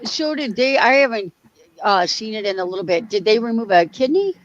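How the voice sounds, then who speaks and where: A woman's voice: a little high, animated, a little fast. A woman joining a livestream chat, teasing and encouraging with short remarks. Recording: dull lo-fi sound.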